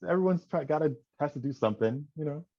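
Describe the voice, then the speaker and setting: A man's voice: on the high side, animated, quick pace. Easygoing man on lo-fi podcast audio. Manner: easygoing, agreeable, lots of fillers. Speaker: podcast guest. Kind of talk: casual chat.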